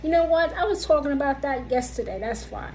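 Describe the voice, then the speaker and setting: A woman's voice: high-pitched, animated, a little mellow, slight background noise, poor audio. A woman vlogger teaching witchcraft lore in a casual, emphatic way, repeating her points to viewers. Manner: repetitive, slow and emphatic, talks directly to viewers.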